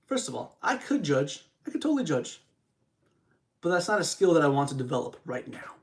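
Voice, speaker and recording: Very animated and a little fast, with a slightly high voice, a young man hosts a podcast while live streaming. He rambles in a casual motivational monologue over a studio mic, repeating phrases and chatting with those watching.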